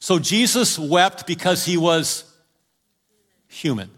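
A high-pitched male preacher delivers a sermon in a storytelling style. He urges his congregation along and swings from near shouts to hushed lines. His voice rings out in a hall with a long reverb. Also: expressive, moderate pace. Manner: storytelling, urging the congregation, swings between loud calls and quiet drops. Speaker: pastor.

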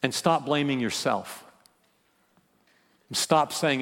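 A man preaching a sermon as a pastor, with impassioned delivery that swings between loud emphasis and hushed, quiet phrases. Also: fairly high pitch, very animated, moderate pace, long reverb tail. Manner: impassioned preaching, rising and dropping to near-whispers.

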